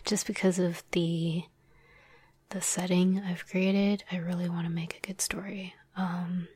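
In a dry recording, a podcast host and script writer whispers breathily in a lowish, darkish voice with little pitch movement and a measured pace. Her chat is hesitant, self-deprecating, and thick with fillers.

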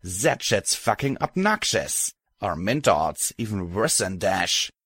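A man's voice: lowish voice, big pitch swings, takes it slowly, a bit bright, husky, dry recording, full character voice. A man reading an audiobook, voicing an armored female pony warrior who talks casually with a crude smirk. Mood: cocky. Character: armored female pony killer, cocky, grinning.

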